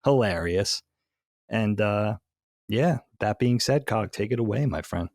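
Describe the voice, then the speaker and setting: Brief: a male podcast host with a gravelly, dry, close-miked voice and an easy, chatty manner. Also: on the low side, measured pace, no echo. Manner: relaxed, chatty, steers the conversation. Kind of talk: casual podcast chat.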